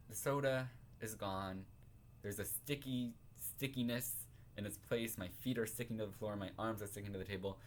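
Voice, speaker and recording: A young man in a casual storytime vlog, talking in an animated, self-consciously dramatic way, laughing often and saying like a lot. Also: mid-range voice, slight background noise. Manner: filler-heavy, says like a lot. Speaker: vlogger.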